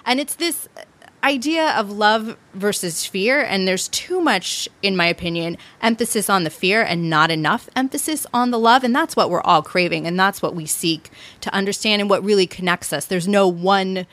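A woman hosting a podcast, affirming her guest warmly and asking questions in a casual interview. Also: medium pitch, normal speed. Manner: warm, affirming. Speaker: podcast host.

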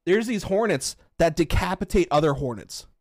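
Excitable, foul-mouthed man from Pennsylvania. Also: high voice, normal speed, no room sound, clean studio sound. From Western Pennsylvania, USA. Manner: profane, excitable rants. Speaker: podcast host. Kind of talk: casual chat with live chat.

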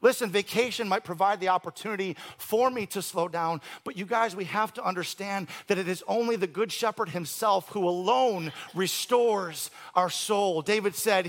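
Male pastor, forties, preaching a sermon: high-pitched, gravelly delivery that swings between loud and hushed, with casual, joking asides. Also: moderate pace, hardly any pauses. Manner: conversational asides and dry humor.

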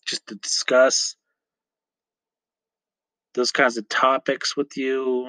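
A man hosts his own podcast in an unhurried, casual solo ramble. He talks slowly and often stops to correct himself. His voice sits at a middle pitch and sounds dry and close on the mic. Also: fairly bright tone, no echo. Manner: rambling, chatty, self-correcting with frequent fillers. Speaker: podcast host.

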